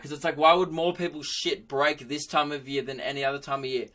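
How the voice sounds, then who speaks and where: Brief: young Aussie comic, sweary rambling solo podcast, bright lively tone. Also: male voice, on the high side, brisk. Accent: Australian. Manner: rambling, swearing, self-mocking. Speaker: comedian podcast host. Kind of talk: comedic monologue.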